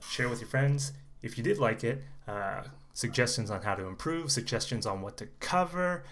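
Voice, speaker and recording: A man working as an English conversation coach, giving a relaxed, chatty, unedited pronunciation lesson to camera and repeating sounds slowly for learners. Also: mid-range voice. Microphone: camera mic, unedited single take.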